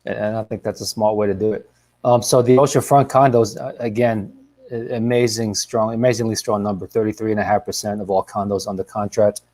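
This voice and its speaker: Low-voiced man reading market numbers. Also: flat delivery, a little fast, a little mellow. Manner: runs through numbers, hesitant fillers. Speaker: realtor host.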